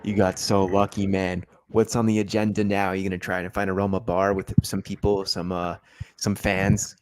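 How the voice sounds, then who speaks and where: Low-voiced young man hosting a football stream. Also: little pitch movement, moderate pace. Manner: enthusiastic, talks straight to viewers. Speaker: host of a football livestream. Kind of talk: casual post-match livestream talk.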